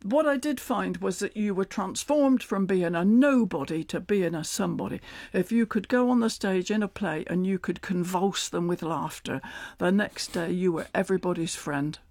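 Older west country guy, gravelly voice, dry close sound, chuckles a lot telling stories. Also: high-pitched, moderate pace, hardly any pauses, a little mellow, no echo. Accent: West Country English. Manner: chatty, laughs often while telling stories. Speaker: guest. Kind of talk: radio interview.

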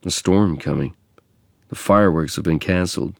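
A man from England narrating a memoir in a measured, reflective reading. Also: deep voice, no room sound, clean studio sound.

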